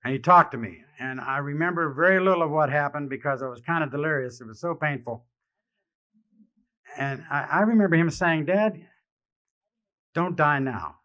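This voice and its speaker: A man giving a live personal testimony speech at a convention, wry and self-mocking, growing halting and emotional with many restarts. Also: fairly high pitch, bright, forceful tone. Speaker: speaker sharing his recovery story. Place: convention hall. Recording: dull lo-fi archival recording.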